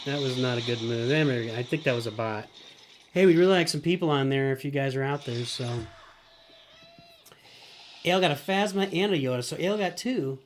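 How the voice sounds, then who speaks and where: A middle-aged man hosting a live game stream. He gives running commentary, often calls himself by name in the third person, and breaks into excited shouts. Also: medium pitch, fairly quick, pauses often, a little hiss or hum. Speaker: streamer host.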